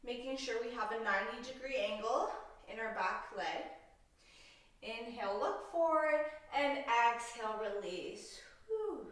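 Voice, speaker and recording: Woman yoga instructor calling out poses, unhurried, kinda far from the mic, big echo. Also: a little high. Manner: calm cueing of breath and poses, playful asides. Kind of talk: guided yoga class instruction.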